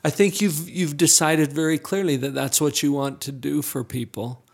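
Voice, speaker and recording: A man hosting an interview, speaking in a reflective, deliberate way. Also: a little high, fairly even intonation, gravelly. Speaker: host. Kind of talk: interview conversation.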